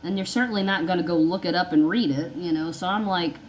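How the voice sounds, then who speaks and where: A woman's voice: fairly low pitch, quick pace, poor audio. A woman telling her own story in a casual, rambling way, often acting out what people said. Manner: rambling, conversational, repeats herself, acts out dialogue. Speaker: vlogger sharing her story.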